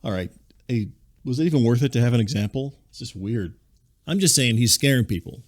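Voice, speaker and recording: A man in his thirties hosting a podcast, delivering a rambling, deadpan comedic monologue. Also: mid-range voice, a little fast, background noise. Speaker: podcast host.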